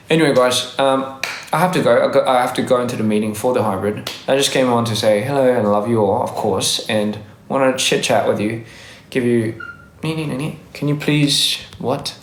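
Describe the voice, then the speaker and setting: This rambling livestream host talks in a mid-range voice at a slightly slow pace, picked up by a phone mic in an echoey room with faint hiss or hum. His Australian accent has faded from years in Korea and America. Chatting casually through the comments, he often laughs and corrects himself.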